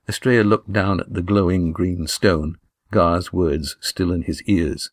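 A man reading a novel aloud as narrator, in a measured, even delivery. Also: low voice, dry recording, studio quality. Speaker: audiobook narrator. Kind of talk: scripted narration.

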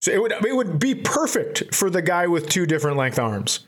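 A podcast co-host with a high-pitched, very animated voice speaks at a normal speed. He tells comic stories in a casual, profane way and laughs at his own punchlines.

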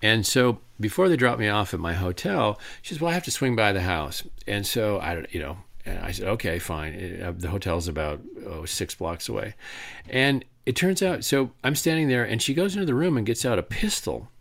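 A man's voice: lowish voice, animated, moderate pace, gravelly, fairly bright tone. A middle-aged man telling a rambling anecdote to an audience, with many restarts and fillers. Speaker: author giving a talk.

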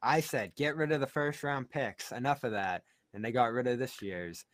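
A man with a mid-pitched voice co-hosts a sports podcast. He states his opinions bluntly and with confidence. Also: moderate pace, no echo. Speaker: podcast co-host. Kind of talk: casual sports podcast chat.

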